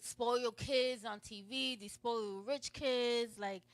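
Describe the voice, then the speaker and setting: A woman's voice: a little high, fairly even intonation, slow, poor audio. A woman hosting a live talk show, rambling through a film's story with many restarts.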